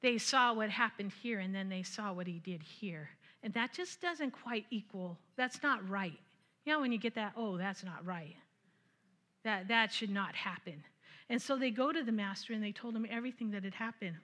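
A woman preaching a conversational sermon, retelling scripture with lively asides and frequent laughter. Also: a little high, a little fast.

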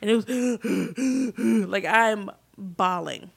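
A woman in her thirties casually telling a personal story, getting animated and loud at emotional moments. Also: medium pitch, a little slow. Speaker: vlogger telling a family story.

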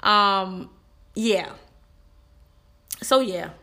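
A woman's voice: medium pitch, extremely slow, bright, forceful tone. A young adult woman hosting a podcast, delivering a heated, preachy monologue aimed straight at the men listening. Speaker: podcast host. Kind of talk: opinionated monologue.

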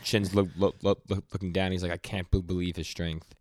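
Low-voiced man recapping manga, dry mic. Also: level tone, darkish tone, no room sound. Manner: retells scenes in quick quoted lines, many stammers. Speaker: podcast co-host. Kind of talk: casual manga recap chat.

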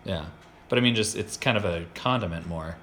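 A low-voiced American man hosts a relaxed chat and rambles with enthusiasm, doubling back and restarting his sentences. A faint hiss sits under the recording. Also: brisk. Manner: rambling, self-interrupting, enthusiastic. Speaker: podcast host. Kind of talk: casual chat.

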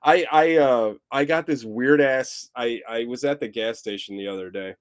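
Casual male podcast co-host, mid-pitch voice, rambly and animated delivery. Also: normal speed, smooth, dry recording. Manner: rambly, self-interrupting, animated. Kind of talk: casual film review chat.

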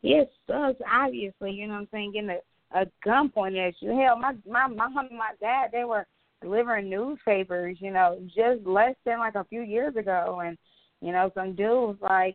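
A woman's voice: mid-range voice, normal speed, no room sound. Profane woman telling a story, tinny line. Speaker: podcast co-host. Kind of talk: casual chat. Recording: tinny phone-like dry sound.

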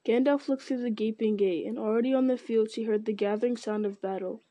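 A woman reading an audiobook in a measured narrating voice, with occasional slips. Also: on the high side, fairly even intonation, mellow.

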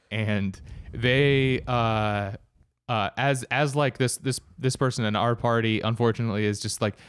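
A man's voice: fairly low pitch, smooth, no room sound. A man telling a travel story in casual chat, rambling with many fillers and restarts.

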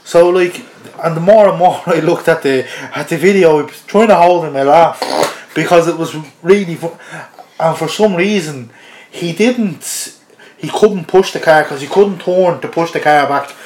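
An Irish man with a fairly high voice tells a story as a podcast guest. He chuckles as he goes and keeps it loose and casual. The recording has a roomy, echoey sound. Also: normal speed. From Ireland. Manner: chuckles through an animated anecdote. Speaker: interview guest.

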